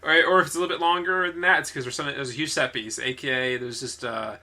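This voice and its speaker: Young guy chatting about movies, super bright sharp voice, trips over his words a lot. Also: mid-range voice, fairly even intonation, fast. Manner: rambling, self-correcting, laughs often. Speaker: podcast co-host. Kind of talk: casual movie chat.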